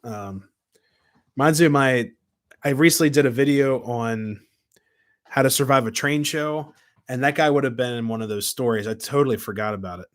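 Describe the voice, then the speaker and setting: A man's voice: mid-range voice, moderate pace. A chatty man talking live from his home, speaking into a camera mic at his desk. He rambles loosely, trails off with fillers, and breaks off to greet viewers and answer their comments. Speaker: live stream host. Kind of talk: casual live-stream chat. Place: home room with model trains.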